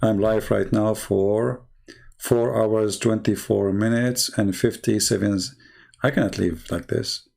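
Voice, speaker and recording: A man's voice: lowish voice, steady tone, measured pace, creaky, darkish tone. A man hosting a live stream, rambling in a mocking, sarcastic way in broken English, saying he is losing his voice. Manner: sarcastic, rambling, heavy non-native English.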